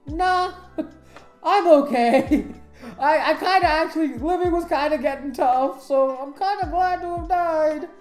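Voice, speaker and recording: A moody teenage delinquent boy, blunt and offhand in his slang, as a woman puts him on. The voice jumps up high and lively. It sits in a roomy, echoey space with faint music underneath. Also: normal speed. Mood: laughing, glib.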